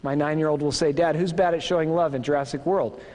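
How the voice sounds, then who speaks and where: Man, midwestern accent, pastor preaching, rather high voice, long hall reverb. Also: steady tone, quick pace, darkish tone. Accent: Midwestern American. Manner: earnest, conversational preaching with rhetorical questions. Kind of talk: sermon. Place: church hall.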